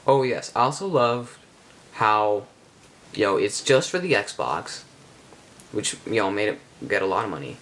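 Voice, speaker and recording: A man giving a casual spoken game review, rambling and halting with many restarts. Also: lowish voice, big pitch swings, a bit bright.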